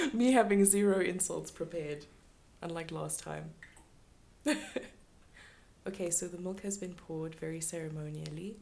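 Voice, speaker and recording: Woman, casual podcast co-host, giggly, mock-ceremonious, slow pace, lowish voice. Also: creaky, a little mellow. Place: at home. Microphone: podcast microphone.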